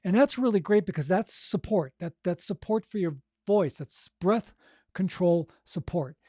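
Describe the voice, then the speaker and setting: A man coaching authors on narrating their audiobooks, talking casually and demonstrating breathing and voice warm-ups. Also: sits high, lively intonation, normal speed, no echo, clean studio sound. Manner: encouraging, conversational, frequent "okay?" and "right?". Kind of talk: coaching monologue.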